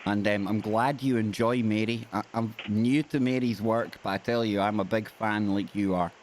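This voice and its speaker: A man's voice: lowish voice, steady tone, moderate pace, a little mellow, a little hiss or hum. A man hosting a live phone-in show, upbeat and sprinkled with ums. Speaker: radio show host.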